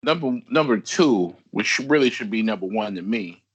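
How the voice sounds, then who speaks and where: A man's voice: on the low side, animated, normal speed, slightly rough. A man co-hosting a wrestling podcast, talking in casual, slangy, joking banter. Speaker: podcast co-host.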